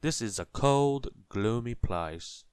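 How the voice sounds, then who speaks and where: A man's voice: mid-range voice, expressive, slow, darkish tone, smooth, no echo, voice pushed up. A man doing a fussy, emphatic old wizard. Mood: brisk. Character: wise old male wizard, brisk and fussy. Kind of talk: storybook read-aloud.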